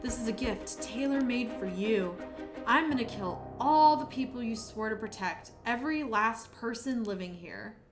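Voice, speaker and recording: A woman's voice: a little high, lively intonation, moderate pace, faint music behind, natural voice. A woman voicing a vicious, vengeful male killer who taunts his victim with cruel, profane sneers while reading a game's lines aloud. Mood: gloating.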